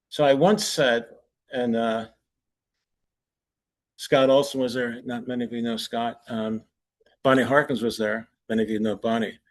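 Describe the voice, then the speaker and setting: A man presenting at a forum, telling anecdotes in a loose conversational way, chuckling at his own punchlines. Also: mid-range voice. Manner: conversational with restarts. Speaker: conference presenter. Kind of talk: anecdotal lecture.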